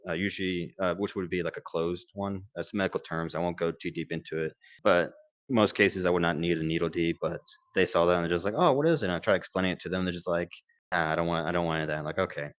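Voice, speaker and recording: Young guy, very low voice, dry close sound; casual, rambling war storyteller. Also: no room sound. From United States. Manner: laid-back, rambling, lots of fillers and quoted dialogue. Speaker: former Marine combat medic recounting war experience.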